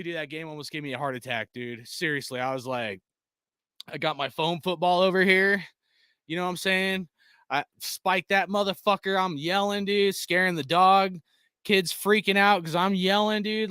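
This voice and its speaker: A man hosting his sports fan channel, ranting live on a stream from home in a profane, excitable, rambling way. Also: a little high, dry recording, clean studio sound.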